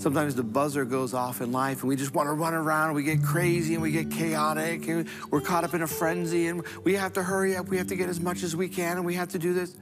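A man's voice: on the high side, flat delivery, fast talker, hardly any pauses, music in the background. A man preaching an earnest sermon as a Catholic priest, telling a story and repeating phrases for emphasis.

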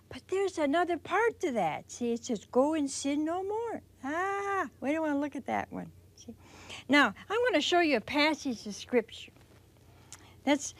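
A woman teaching scripture in a folksy, animated storytelling manner, acting out the quotes she tells. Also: high-pitched. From Italian heritage. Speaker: religious teacher. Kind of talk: televised sermon talk.

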